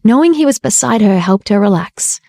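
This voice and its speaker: Mellow woman narrating a romance audiobook. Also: mid-range voice, animated, normal speed, gravelly, no echo, clean studio sound. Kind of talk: scripted narration.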